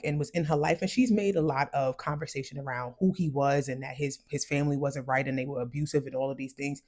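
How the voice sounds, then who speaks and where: Husky-voiced woman doing casual commentary. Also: low-pitched, a little mellow. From United States, raised by West Indian parents. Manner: conversational, emphatic, with slowed-down stressed phrases. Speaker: commentary vlogger.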